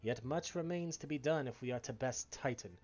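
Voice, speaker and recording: Here is a resolute female mage who talks in slow, formal, earnest lines, as a man puts her on. The pitch sits mid-range, and the recording is dull and lo-fi. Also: darkish tone, natural voice. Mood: resigned. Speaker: streamer reading game dialogue.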